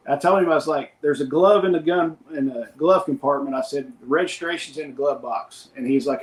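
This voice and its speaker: A middle-aged man with a slightly higher voice tells loose, rambling anecdotes in relaxed podcast chat. He quotes other people without changing his voice. The room around him is echoey. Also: a little fast. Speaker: podcast co-host. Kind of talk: casual storytelling chat.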